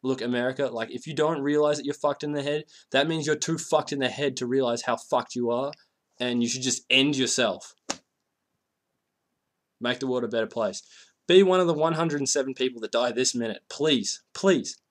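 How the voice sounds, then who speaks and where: A man's voice: medium pitch, a little fast. A man in a played video clip, ranting crudely with constant swearing in an abrasive comic style. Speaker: video ranter. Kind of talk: profane comic rant.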